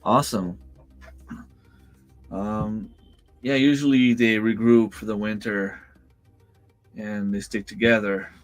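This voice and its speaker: A man's voice: lowish voice, steady tone, takes it slowly, pauses often, no echo, soft background music. A man hosting a casual livestream from home, chatting with viewers and answering their comments in a rambling way, with lots of fillers and restarts. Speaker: livestream host. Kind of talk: casual live-chat reading comments. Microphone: desk microphone.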